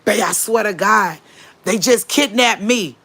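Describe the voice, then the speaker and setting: Scared grown man, hushed and urgent , as a woman puts him on. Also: mid-range voice, unhurried. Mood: panicked.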